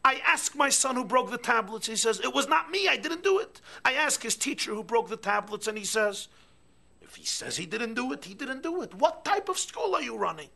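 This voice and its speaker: A man acting out an indignant, infuriated middle-aged father in a told joke, in a shrill, shouting voice. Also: wildly swooping pitch, moderate pace, vocal fry, slightly rough, heavily acted.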